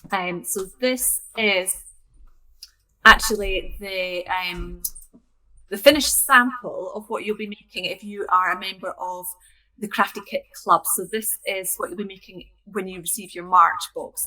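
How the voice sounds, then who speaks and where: A woman's voice: medium pitch, fairly even intonation, unhurried, sharp tone, low-quality recording. A woman from Scotland co-hosting a casual crafting chat from her craft room over a video call, friendly and prone to digressing. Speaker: co-host, craft kit business owner.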